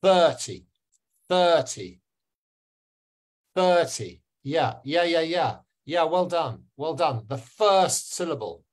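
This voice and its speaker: A man's voice: a little high, expressive, measured pace, hardly any pauses. A man teaching English pronunciation on a video call, patiently repeating and drilling words for his students. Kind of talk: online webinar teaching.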